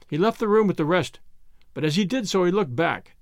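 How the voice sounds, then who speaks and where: Man narrating, gravelly and lively. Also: high voice, a little fast, no echo, studio quality. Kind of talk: audiobook narration.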